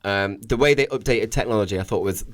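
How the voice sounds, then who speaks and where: A British man with a low voice, a guest on a casual film podcast. He talks in a relaxed, halting way with plenty of fillers, recorded dry and close. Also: dry recording. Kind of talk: casual film review chat.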